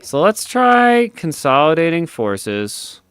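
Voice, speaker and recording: A man's voice: fairly high pitch, big pitch swings, takes it slowly, a bit bright, clear, resonant tone, no room sound. A man playing a strategy game on stream, thinking aloud as he plans his moves. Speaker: player and co-host. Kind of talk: casual gameplay commentary.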